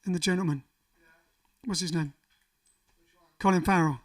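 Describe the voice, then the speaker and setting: Bright-voiced man hosting from afar. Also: sits high, steady tone, moderate pace. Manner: rambling, reads out viewer comments with asides. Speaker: band frontman and livestream host. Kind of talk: casual livestream chat between songs. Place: living room. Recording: voice a little far from the mic, faint music behind.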